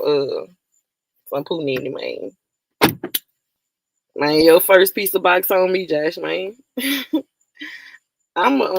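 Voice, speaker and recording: A woman's voice: lowish voice, gravelly, no echo, poor audio. A woman hosting a casual livestream, greeting viewers by name, laughing often and swearing freely. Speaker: livestream host.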